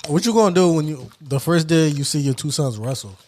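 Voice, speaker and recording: A man's voice: on the high side, expressive, a little fast, a little mellow, a little hiss or hum. A man co-hosting a podcast in a studio, teasing the others playfully in casual chat. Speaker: podcast co-host.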